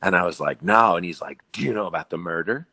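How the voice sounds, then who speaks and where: A man from Montana, co-hosting a podcast, tells a rambling, animated story in casual chat and acts out the dialogue. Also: sits low, fast, slightly rough. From Billings, Montana, USA. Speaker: podcast co-host.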